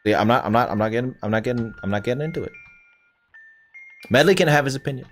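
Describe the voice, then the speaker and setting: A man's voice: medium pitch, fast talker, soft background music. A young man from Canada streaming a game, chatting casually with viewers in a profane, rambling way. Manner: profane, rambling, talks back to chat. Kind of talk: casual livestream chat with viewers.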